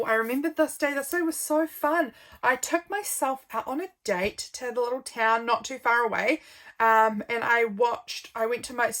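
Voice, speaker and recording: A woman's voice: fairly high pitch, fairly bright tone. A young woman with a New Zealand accent chatting casually through her journal pages, rambling with lots of ums and easy laughs. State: a little yawny. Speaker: journal vlogger.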